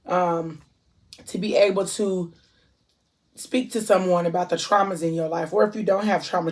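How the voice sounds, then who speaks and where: Ohio woman vlogging, chatty and gushing, lots of baby and honey. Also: fairly low pitch. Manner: effusive, warm shout-outs, drawn-out endearments. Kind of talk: casual chat to camera.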